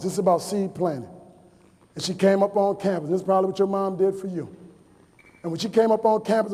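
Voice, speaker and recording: A high-pitched man in his forties from New Orleans gives a motivational speech to college students. He tells personal stories and repeats key lines for emphasis. His voice rings out with a long echo through a large hall. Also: mellow. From New Orleans, USA. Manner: storytelling with emphatic repetition. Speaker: motivational speaker.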